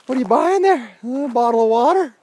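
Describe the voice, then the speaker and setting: A chirpy, nosy guy full of eager questions, as a man puts him on. The voice rides well above the narrator's own, bright and upbeat, with a faint outdoor hiss behind it. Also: extremely high pitch, lively intonation, brisk, voice pushed up. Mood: cheery prying. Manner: cheery, prying questions. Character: chatty nosy male acquaintance, upbeat, prying.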